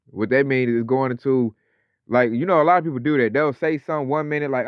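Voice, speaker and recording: A man's voice: mid-range voice, fast, dry recording, lo-fi sound. A man teaching scripture in a casual, conversational way, slipping into slang and acting out other people's voices. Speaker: religious teacher.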